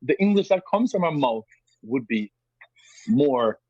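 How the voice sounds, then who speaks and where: Podcast guest, a man with a strong Jamaican accent: emphatic and husky, in a dry, dull-sounding recording. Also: medium pitch, unhurried, dry recording. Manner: emphatic, animated explaining with repetitions. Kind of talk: podcast interview.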